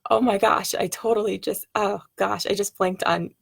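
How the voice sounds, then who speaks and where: Middle-aged woman vlogger with a creaky voice, heartfelt and meandering, lots of ums and what-ifs. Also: mid-range voice, steady tone, normal speed. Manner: rambling, searching, many fillers and restarts; soft, heartfelt, wondering what-if questions. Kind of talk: personal reflective monologue to camera.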